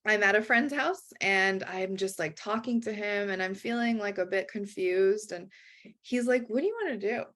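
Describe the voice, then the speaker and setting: A woman life coach telling a personal story in an animated way, acting out quoted voices and often saying "like". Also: mid-range voice, a little slow. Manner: acts out quoted voices, frequent "like".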